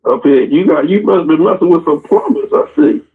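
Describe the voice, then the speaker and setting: A man's voice: fairly high pitch, very animated, brisk. A man co-hosting a casual chat, teasing and joking. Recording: tinny phone-like audio.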